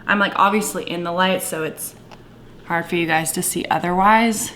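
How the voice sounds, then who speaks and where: A woman talking through her makeup in a casual, gushing vlog, with a playful put-on Southern twang and soft whispered asides. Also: fairly low pitch, normal speed, a little hiss or hum. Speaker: beauty vlogger. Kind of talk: casual makeup tutorial chat.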